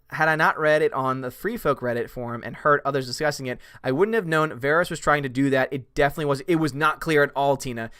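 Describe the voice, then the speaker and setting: A man hosts a live stream, reading viewer comments aloud in a casual, jokey chat. His voice sits a touch higher than most men's and keeps jumping up and down in pitch. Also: a bit bright. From United States.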